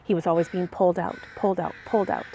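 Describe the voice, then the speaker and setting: A woman's voice: on the low side, fairly even intonation, fast, dark tone, slight background noise. A mother being interviewed for a documentary, talking through her son's schooling and getting emotional as she recalls it. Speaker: parent of a student.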